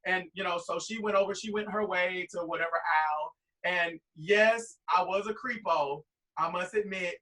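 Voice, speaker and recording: A drag performer guest telling a long, rambling anecdote full of quoted dialogue. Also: male voice, high-pitched, moderate pace, pushed and bright, distant mic, low-quality recording. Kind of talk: animated storytelling.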